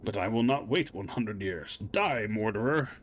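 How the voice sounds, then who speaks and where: A man's voice: on the low side, animated, normal speed, pitched below the performer's own voice. A man voicing a menacing woodcutter in a video game, speaking in archaic old-fashioned phrasing. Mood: threatening.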